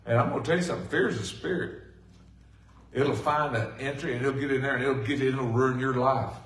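A middle-aged man preaching a sermon in a folksy, animated way, swinging from loud bursts to hushed asides. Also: medium pitch, fairly quick. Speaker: pastor. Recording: echoey room from a distant mic.

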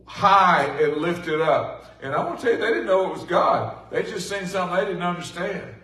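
Folksy preacher, echoey and distant. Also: male voice, sits high, moderate pace. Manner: folksy, animated preaching with swings from loud to hushed. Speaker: pastor. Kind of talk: sermon. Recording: echoey room from a distant mic.

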